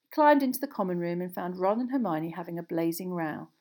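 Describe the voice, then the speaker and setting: A woman narrating a storybook aloud in a steady, measured reading. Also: fairly low pitch. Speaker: audiobook narrator.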